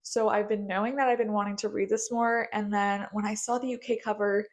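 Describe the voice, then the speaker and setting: A woman's voice: mid-range voice, flat delivery, a little fast. A young American woman chatting casually in a bubbly, gushing way, with lots of filler words. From United States. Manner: bubbly, gushing, filler-heavy with frequent likes. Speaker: book vlogger. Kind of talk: casual chat.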